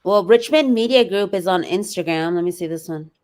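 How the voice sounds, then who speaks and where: A woman co-hosts a casual livestream in a lowish, darkish voice at a fairly quick pace. She's chatty, calls her viewers "y'all," and reads filings and letters aloud.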